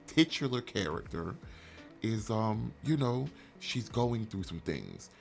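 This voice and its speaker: A man's voice: fairly low pitch, animated, takes it slowly, gravelly, soft background music, full character voice. A man doing a smug playwright sim. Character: smug male playwright sim, passive-aggressive.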